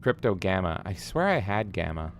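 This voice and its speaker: A man's voice: sits low, big pitch swings, moderate pace, soft background music. A man streaming a video game, chatting casually and playfully with swearing while reading viewer comments aloud. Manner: playful, profane, reads chat aloud. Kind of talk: casual live-stream chat.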